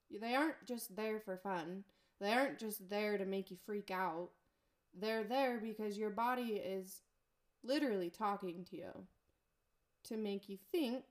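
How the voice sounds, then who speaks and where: A woman talking straight to her viewers in a loose, encouraging way, full of little "likes" and easy laughter. She sits at an ordinary middle pitch and keeps the feel of a friendly pep talk. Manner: chatty and encouraging, filler "like", laughs often. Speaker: self-help vlogger. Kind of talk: casual motivational talk to viewers.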